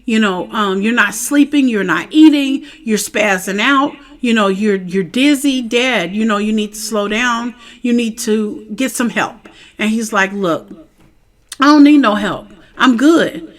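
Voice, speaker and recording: A woman's voice: on the high side, measured pace. A woman giving a casual, chatty recap of a TV episode, often asking "you know what I'm saying?". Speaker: TV show reviewer.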